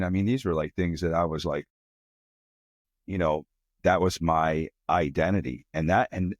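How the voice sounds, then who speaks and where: A young man as a podcast guest, talking in an earnest, reflective and halting way. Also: deep voice, no echo, clean studio sound. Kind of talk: casual conversation.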